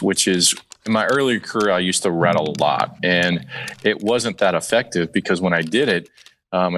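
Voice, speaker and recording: A man guest on a podcast, giving measured advice with lots of fillers. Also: low voice, a bit bright, poor audio. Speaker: guest hunting expert.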